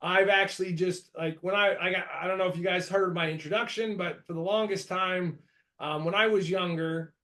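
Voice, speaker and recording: Rambling and animated, with plenty of restarts, this thirtysomething US podcast host shares stories in casual conversation, shouting out voices whenever he quotes someone. He speaks at normal speed in a high-pitched voice.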